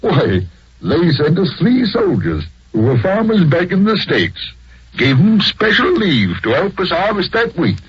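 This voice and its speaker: A man's voice: high-pitched, measured pace, slightly rough, exaggerated voice. A man playing a folksy, talkative farmer in a 1940s radio drama, on a dull old recording. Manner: folksy, storytelling, lively. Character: talkative older English farmer.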